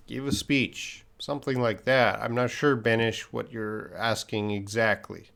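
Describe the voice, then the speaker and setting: A man answering viewers' English questions in a live-stream lesson. He explains patiently, with pauses and restarts. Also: lowish voice, fairly even intonation, gravelly, a bit bright, a little hiss or hum. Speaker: English teacher.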